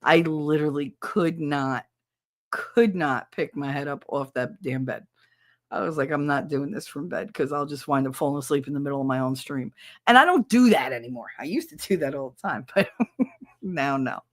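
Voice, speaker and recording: A woman with a lowish voice chats loosely with her live-stream viewers, blunt and crude and quick to laugh. Her voice sits close and dry on the mic, with no room around it. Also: no echo. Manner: candid, crude and giggly, chatting to viewers. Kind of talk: casual live-stream chat.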